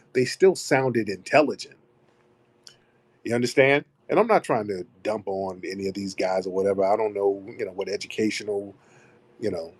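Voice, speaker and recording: A man hosting a live audio chat room, talking at length in an emphatic way, repeating key phrases and slowing down to stress names and points. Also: fairly low pitch, husky.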